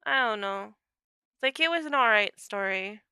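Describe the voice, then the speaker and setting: A woman's voice: mid-range voice, lively intonation, moderate pace, pushed and bright, clear, resonant tone, no room sound. A woman writer casually chatting during a writing livestream, talking in a chatty way with many fillers. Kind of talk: casual chat while writing.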